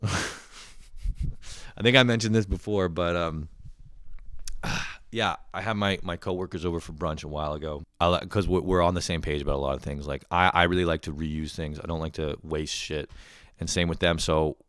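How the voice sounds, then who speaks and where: A man's voice: deep voice, steady tone, normal speed, a bit bright, clear, resonant tone, dry recording, studio quality. A man hosting a podcast, ranting casually and profanely, rambling with lots of "like" fillers. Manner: rambling, profane, heavy use of "like". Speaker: podcast host. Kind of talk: casual comedic rant.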